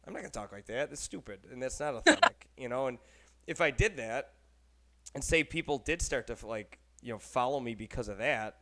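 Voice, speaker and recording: Rambling, animated man hosting a podcast. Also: medium pitch, a little fast. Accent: Texan. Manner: loose, rambling and animated, swears casually. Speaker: podcast host. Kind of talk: casual podcast chat.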